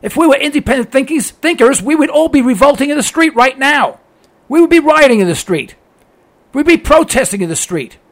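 An American political commentator with an extremely high-pitched, expressive voice speaks fairly quickly in a fairly bright tone. His opinionated, radio-style monologue is emphatic and sarcastic, and he drives his points home through repetition.

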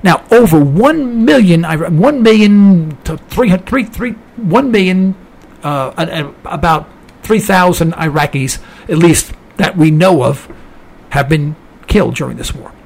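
A fired-up man rants on his talk radio show, stumbling and restarting as he pushes his point. His voice is gravelly and a bit husky, sits slightly high, and swings widely in pitch. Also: animated, unhurried, darkish tone. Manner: heated, rambling, with many restarts and rising outbursts. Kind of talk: impassioned political radio monologue.

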